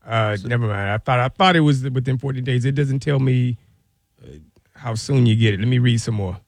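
A man's voice: medium pitch, brisk, dry recording. Brief: male radio co-host, blunt interjections, dry close studio sound. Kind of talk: casual studio banter.

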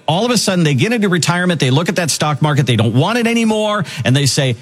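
A man hosts a financial radio show with an upbeat, promotional delivery. His pitch moves a lot and his tone is husky. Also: big pitch swings, fast talker, soft background music.

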